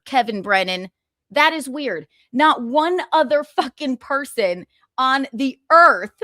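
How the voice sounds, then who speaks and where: A woman's voice: sits high, pushed and bright, dry recording. Woman in her thirties, stream host; raised voice, sarcastic and salty, close dry sound. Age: 30s. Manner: sarcastic, profane, laughing asides. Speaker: livestream host. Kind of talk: casual gossip commentary.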